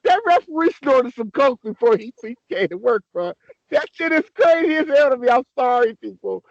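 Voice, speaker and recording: High-voiced man ranting excitedly. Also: moderate pace, no room sound, lo-fi sound. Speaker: podcast co-host. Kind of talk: casual sports podcast chat.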